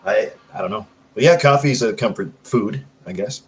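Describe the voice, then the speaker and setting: A man with a lowish voice talks briskly on a rough recording with slight background noise. Hosting a casual livestream, he reads viewer comments aloud in a rambling, profane, hyper way.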